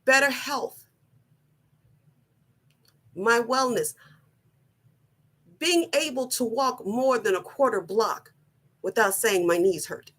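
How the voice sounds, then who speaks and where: A middle-aged woman giving a personal motivational talk, slow, earnest and deliberate, often repeating her phrasing. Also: fairly high pitch, fairly bright tone. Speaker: wellness vlogger.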